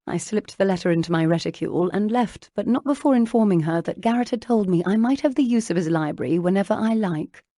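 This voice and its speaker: A woman narrating an audiobook, voicing an earnest bookish young woman who speaks intently, a little hurried. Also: medium pitch, dark tone, no echo, studio quality, close to an everyday voice. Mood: defiant.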